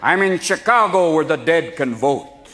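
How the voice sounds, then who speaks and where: A man performing a live stand-up comedy set, rapid and manic, jumping between voices. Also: fairly high pitch, lively intonation. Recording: live club recording with crowd laughter and noise.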